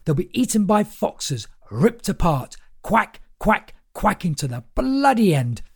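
A man voicing a manic, half-naked man shouting furious warnings at children in a story. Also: very animated, unhurried, slightly rough, full character voice. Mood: manic ranting. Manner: shrill furious ranting.

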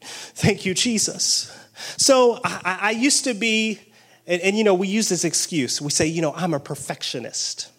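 A man preaching a sermon with excited exclamations and call-and-response energy. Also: high-pitched, normal speed.

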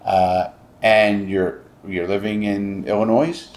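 A man's voice: lowish voice, flat delivery, takes it slowly, crowd noise. A middle-aged man interviewing a guest, blunt and emphatic, swearing freely. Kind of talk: casual interview.

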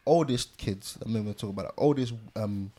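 A young man talks in a loose, slang-filled way to friends. His voice sits a little low. He tells stories at an easy, meandering pace. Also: a little fast, mellow. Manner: laid-back slang-heavy storytelling. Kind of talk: casual group chat.

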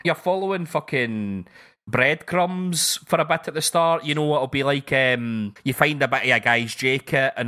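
A man with a bright, forward voice at a middling pitch. He recounts things with lively, profane energy in relaxed chat. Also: normal speed. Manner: sweary, animated storytelling. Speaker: podcast co-host. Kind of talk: casual chat.

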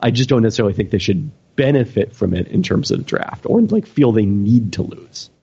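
Gravelly low-voiced man, halting podcast talk. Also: lively intonation, warm tone, highs cut off. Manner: hesitant, searching for words with many fillers. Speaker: podcast panelist answering listener questions. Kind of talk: casual podcast discussion.

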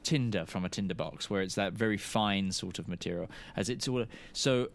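A man narrating as game master of a tabletop game, pausing often and searching for words. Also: low voice. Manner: halting, searching for words with many fillers.

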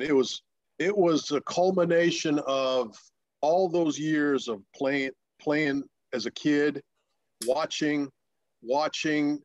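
A man in his fifties, a former professional pitcher, telling stories in an interview, halting with many fillers and restarts, and jumping up in pitch when he acts out excited voices. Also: dry recording, highs cut off. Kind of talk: storytelling interview.

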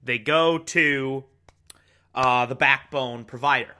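A man's voice: medium pitch, slow pace, pushed and bright, clean tone. A man casually recapping a TV episode, chatty, laughing often and swearing.

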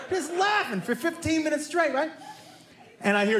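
A middle-aged man doing stand-up storytelling, animated and acting out his family members' voices. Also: very high voice, normal speed. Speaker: stand-up comedian. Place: comedy stage before a live audience.

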